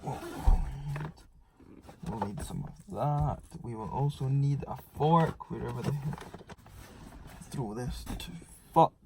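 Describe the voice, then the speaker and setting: A man's voice: mid-range voice, darkish tone, slight background noise. A young man chatting casually about his training in a fitness vlog, laid-back and swearing freely. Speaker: fitness vlogger.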